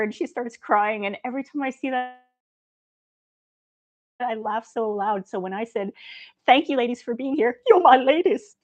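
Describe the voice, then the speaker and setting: A woman hosts a relaxed livestream from home. Her voice sits at an ordinary pitch, and her talk is soft and gentle. She rambles chattily and laughs easily. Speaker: livestream host. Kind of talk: casual livestream chat.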